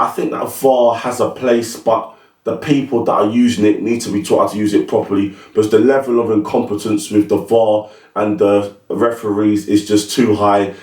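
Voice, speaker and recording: Blunt football pundit, roomy. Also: male voice, lowish voice, darkish tone. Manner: blunt, opinionated, slangy. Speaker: football pundit, channel host. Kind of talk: casual solo commentary. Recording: roomy, mic at a distance.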